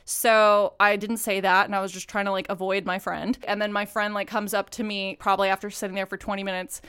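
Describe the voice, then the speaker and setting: A woman's voice: mid-range voice, little pitch movement, brisk, few pauses, a bit bright, clear, resonant tone. A young adult woman hosting a podcast, telling a story in casual chat, full of "like" and curse words. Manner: chatty, lots of "like" and swearing. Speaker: podcast host.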